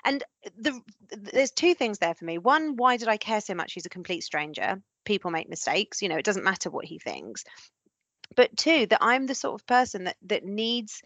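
A woman hosting a podcast, telling a personal story in an earnest, animated way during a frank conversation. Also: medium pitch, moderate pace, no echo. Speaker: podcast host.

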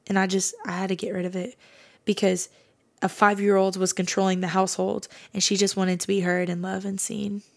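In a mid-range voice with vocal fry, this podcast host speaks briskly and with flat delivery. She tells her faith testimony in an easygoing, earnest way, saying "like" often.

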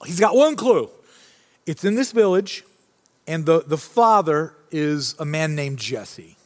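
High-voiced pastor in a reverberant hall. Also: male voice, lively intonation, slow pace, darkish tone. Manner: casual, storytelling, frequent restarts. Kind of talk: conversational sermon. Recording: long reverb from a large hall.

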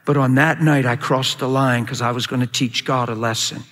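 A male pastor preaches to a live audience in a large hall, telling his story with animated swings between loud shouts and quiet, low asides. He speaks at normal speed, and the recording carries a long, echoing hall reverb.

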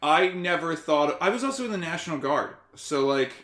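An animated man chatting as a guest, his pitch leaping all over as he talks, sarcastic and quick to swear. His tone is bright and forceful. The voice rings in a noticeably echoey room. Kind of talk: casual conversation. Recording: roomy echo.

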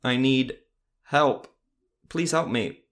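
A man voicing a spider monster that mimics a lost man, calling out in jerky, shouted pleas for help. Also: mid-range voice, slow, voice pushed up. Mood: desperate.

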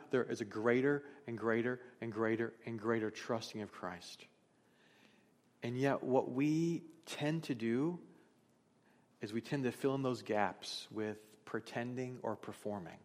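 A middle-aged man preaching a sermon as pastor, telling stories in a conversational, candid way. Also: mid-range voice. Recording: long reverb of a large hall.

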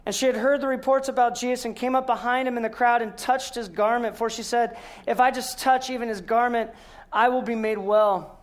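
A man giving a sermon, telling the story with rhetorical questions and earnest emphasis, sometimes dropping to a hushed voice. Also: very high-pitched, steady tone, a little fast. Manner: storytelling, asks rhetorical questions and answers them. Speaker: guest speaker.

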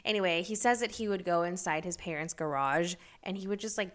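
A woman hosting her own podcast, telling stories in a chatty, rambling way with lots of fillers and bursts of excited, incredulous emphasis. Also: on the low side, fairly quick. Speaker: podcast host. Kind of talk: casual solo podcast chat.

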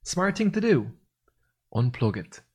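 A man co-hosting a podcast, chatting casually in a rambling, animated way and swearing freely. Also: on the high side, unhurried, breathy edge. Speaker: podcast co-host. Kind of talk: casual chat.

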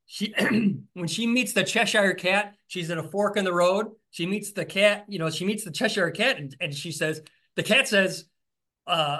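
Bright-voiced man, eager storyteller. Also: sits high, normal speed. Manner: enthusiastic, storytelling, frequent restarts. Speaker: author and podcast host, interview guest. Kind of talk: conversational interview.

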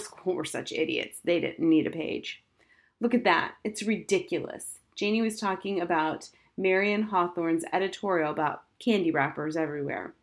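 Audiobook narrator, woman, fairly low voice, steady expressive reading. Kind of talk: scripted narration.

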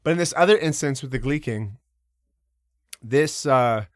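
A man recounts his own stories in a loose, animated way, full of fillers and the occasional curse. His pitch sits mid-range for a man. The sound is close and dry, with no room around it. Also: measured pace, no room sound. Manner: animated, many fillers, casual swearing. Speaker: podcast guest. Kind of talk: casual storytelling.

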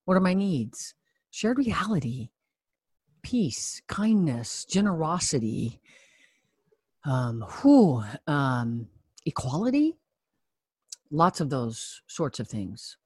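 A coach telling a personal story to explain a point, talking in an earnest, reflective way with pauses and soft sighs. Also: mid-range voice, sing-song, slightly rough, dry recording, studio quality. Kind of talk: conversational teaching with personal story.

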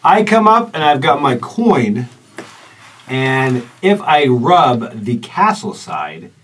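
A man's voice: medium pitch, very animated, slow pace, fairly bright tone. A man playing a tabletop game, casually and playfully describing what his character does. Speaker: player. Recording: distant mic with noticeable noise.

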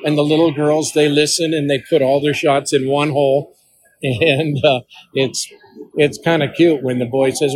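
A man's voice: fairly high pitch, level tone, moderate pace, rough recording. An older man who works as a range master, telling hunting stories in a folksy way during an interview. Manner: folksy storyteller who acts out the voices of people in his stories. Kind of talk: storytelling interview answers.

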